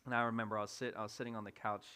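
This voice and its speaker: Preacher in his thirties, animated storyteller, bright and forceful voice. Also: on the low side, racing. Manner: animated, laughing, acts out voices of his family. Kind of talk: storytelling sermon. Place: church sanctuary.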